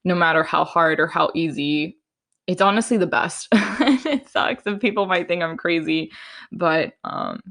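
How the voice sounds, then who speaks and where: A young woman hosts a solo podcast, chatting frankly and casually with plenty of fillers and sometimes acting out her own inner voice. Her voice is lowish, gravelly and fairly bright, and she takes her time.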